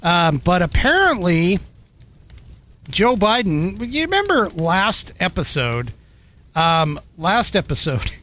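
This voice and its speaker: A man's voice: sits high, big pitch swings, takes it slowly, sharp tone. An American man hosting a podcast, giving rambling political commentary with frequent chuckles, fillers and restarts. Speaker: podcast host.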